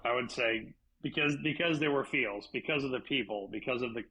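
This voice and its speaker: A man's voice: medium pitch, brisk, bright, forceful tone, dull audio. A man hosting a movie podcast, blunt and profane, steering the talk and ratings. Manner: blunt, swears freely, runs the ratings. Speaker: podcast host. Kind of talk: casual movie chat.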